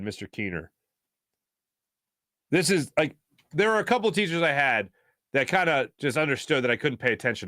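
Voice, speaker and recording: A man hosting a casual talk show, rambling through stories with many fillers and animated asides. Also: medium pitch, no echo, studio quality. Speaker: show host.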